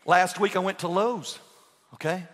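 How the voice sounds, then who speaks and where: A man's voice: high-pitched, normal speed, fairly bright tone. A man in his sixties preaching a sermon as pastor, telling humorous stories and quizzing the congregation. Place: church sanctuary. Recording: long reverb of a large church hall.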